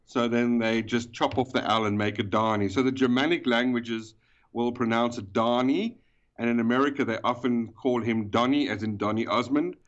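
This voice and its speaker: A man's voice: mid-range voice, steady tone. A man with a South African accent speaks as a podcast guest, walking through the details step by step. He often stops on fillers. His sound is dull and slightly lo-fi. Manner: explanatory, with frequent pauses and fillers. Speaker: guest, event organizer. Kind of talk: podcast interview.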